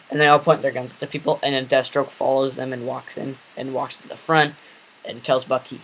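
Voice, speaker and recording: A man's voice: medium pitch, flat delivery, brisk, low-quality recording. A man casually retelling an invented superhero story, rambling with many fillers and self-corrections.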